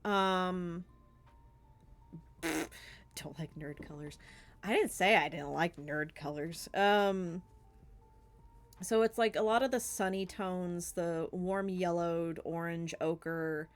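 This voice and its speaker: A woman's voice: on the low side, fairly even intonation, takes it slowly, smooth, faint music behind. A woman with a Southern US accent, a streamer chatting casually and rambling with lots of fillers and giggles during a Q&A. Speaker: streamer and artist.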